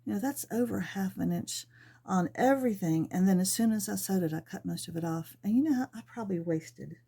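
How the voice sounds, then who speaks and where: A woman's voice: mid-range voice, a little fast, vocal fry, slightly rough. A middle-aged woman chatting casually and rambling a little as she works through a sewing project at home. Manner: chatty, rambling, soft-spoken asides. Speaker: sewing vlogger. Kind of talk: casual chat while sewing.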